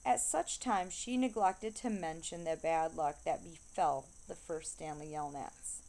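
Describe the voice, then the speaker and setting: A woman reading a children's novel aloud, steady storytelling that slows down to stress repeated refrains. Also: sits low. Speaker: reader.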